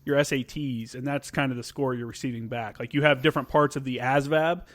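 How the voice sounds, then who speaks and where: A man hosting a podcast talks quickly at a middle pitch. He is blunt and casual, swears freely, and stops to explain terms for his listeners. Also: steady tone, fairly bright tone. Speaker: podcast host. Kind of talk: casual interview chat.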